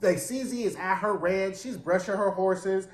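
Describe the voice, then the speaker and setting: High-voiced guy doing a chatty tv recap, slangy, keeps asking right?, roomy echo. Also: moderate pace. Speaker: TV review host. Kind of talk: casual recap and commentary.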